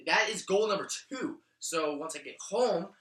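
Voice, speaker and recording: A young man casually recapping his week as a sports fan, rambling and getting excited, recorded on a camera mic at a distance. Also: moderate pace. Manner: excitable, rambling, jumps up in pitch when thrilled. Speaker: vlogger. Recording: echoey room, voice a bit off-mic.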